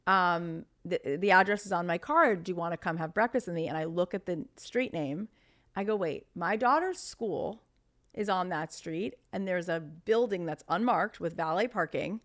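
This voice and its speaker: Woman, 30s, podcast guest; lower pitch, animated casual storyteller. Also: normal speed. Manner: chatty, animated storytelling with many "like" fillers.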